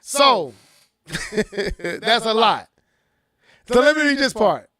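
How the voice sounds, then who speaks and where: A high-pitched man hosts a casual gaming podcast. He reads news aloud, then bursts into excited, shouting reactions. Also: drawn-out words. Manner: animated, rises to shouting when worked up. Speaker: podcast host.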